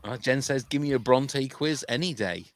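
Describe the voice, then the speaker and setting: A man's voice: mid-range voice, moderate pace, no echo. A man hosting a charity podcast livestream in casual, jokey chat, often tripping over his words. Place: home room during a livestream.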